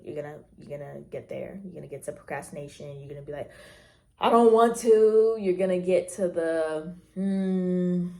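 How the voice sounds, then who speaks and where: A woman's voice: on the low side, darkish tone. A young woman in nursing school chatting candidly to camera, acting out little quoted exchanges as she tells her story. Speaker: nursing student vlogger. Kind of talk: casual chat to camera.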